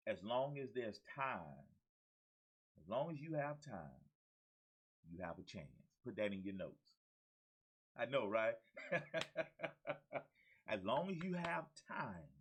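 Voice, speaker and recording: A man's voice: fairly low pitch, big pitch swings, slow, long pauses, breathy edge, poor audio. Exuberant man coaching. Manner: exuberant, repeats key phrases, preacherly call-and-response. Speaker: motivational coach and show host. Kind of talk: energetic motivational talk to camera.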